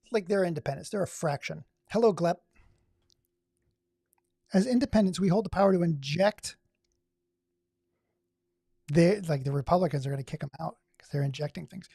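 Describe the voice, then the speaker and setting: A man's voice: sits high, gravelly, warm tone, breathy edge, dry recording, studio quality. Sarcastic man riffing on a stream. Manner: sarcastic, reads aloud and riffs. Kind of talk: casual livestream commentary.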